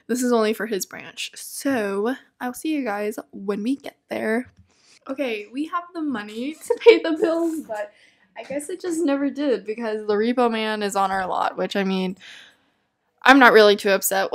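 Chatty young woman gamer, higher voice. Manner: chatty, easily exasperated, laughs often. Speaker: let's play gamer. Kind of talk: casual gameplay commentary.

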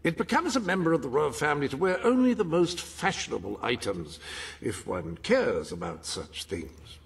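An actor playing a fussy, formal male royal butler in a video game who speaks with prim, gentle disapproval. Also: a little high, very animated, moderate pace. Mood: polite. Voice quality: raspy, gravelly. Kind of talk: game character dialogue.

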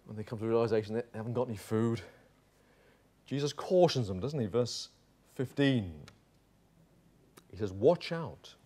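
A male pastor preaching an evening sermon in a chapel, swinging from loud declarations to hushed asides. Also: medium pitch. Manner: animated preacher, drops to hushed tones for quoted voices.

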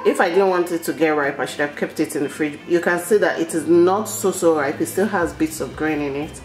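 A woman's voice: sits low, a little fast, a little mellow, echoey room, recorded from a distance, soft background music, low-quality recording. A young Nigerian woman chatting casually as a cooking vlogger, laughing easily as she talks. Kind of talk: casual vlog chat. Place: home kitchen.

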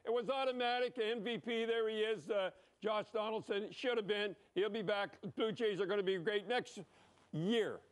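Older man, high-pitched, blunt and rambling hockey commentator. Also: moderate pace. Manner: blunt, emphatic, rambling, with frequent "eh?". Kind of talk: excited hockey commentary over replays.

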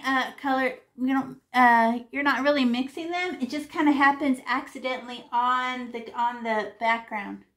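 A woman's voice: high voice, normal speed, hardly any pauses, a bit bright. A woman art teacher leading a live painting class over a video call, chatty and chanting repeated words as she paints.

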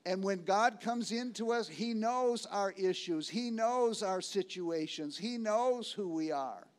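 A man preaching a sermon as pastor, emphatic, repeating phrases and slowing on key words, swinging between loud and hushed. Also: high voice, expressive.

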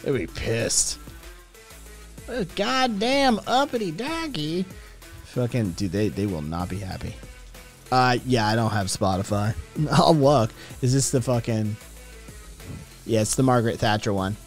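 A man's voice: fairly low pitch, normal speed, soft background music. Profane rambling man on a podcast. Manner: profane, rambling, reacting to chat. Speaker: podcast host. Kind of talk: casual livestream chat.

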